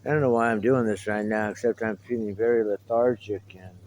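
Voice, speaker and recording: A man's voice: on the low side, steady tone, a little fast, a little mellow, slight background noise, low-quality recording. A middle-aged man talking casually to the camera in a meandering, reminiscing way, with wry asides. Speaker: vlogger. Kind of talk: casual rambling monologue to camera.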